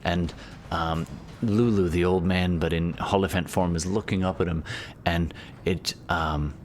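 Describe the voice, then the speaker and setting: A man's voice: sits low, steady tone, unhurried, a little hiss or hum. A man narrating as game master, meandering with many restarts.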